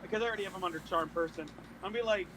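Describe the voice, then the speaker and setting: A man playing a tabletop game, voicing his character with sudden loud high shouts. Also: racing, slight background noise, low-quality recording. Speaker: player.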